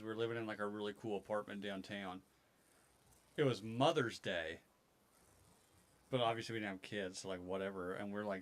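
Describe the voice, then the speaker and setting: Casual, profane male podcast storyteller. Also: on the low side. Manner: profane, animated anecdote telling with acted quotes. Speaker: podcast co-host.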